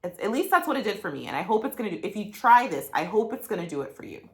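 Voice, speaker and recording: A woman's voice: mid-range voice, big pitch swings, quick pace. A woman vlogging candidly about a breakup, blunt and profane, heartfelt and full of fillers, growing emotional. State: getting emotional. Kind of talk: candid talking-head vlog.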